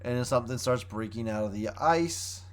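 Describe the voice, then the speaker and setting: A man's voice: medium pitch, normal speed. A man reviewing a show in a casual, rambling way, often restarting his sentences as he recaps the plot.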